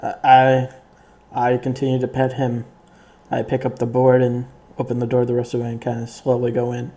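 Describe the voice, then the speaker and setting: A man's voice: medium pitch, monotone, a little fast, mellow. A man playing a tabletop game, hesitant and stammering. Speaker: player.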